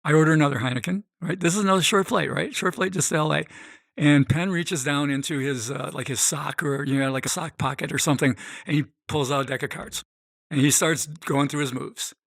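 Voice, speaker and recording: A middle-aged man, a guest on a podcast, telling a story in an animated way and acting out the voices of the people in it. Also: a little high, fairly quick, vocal fry, no echo. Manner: animated, acts out quoted voices. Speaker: guest, gambling expert. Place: podcast studio.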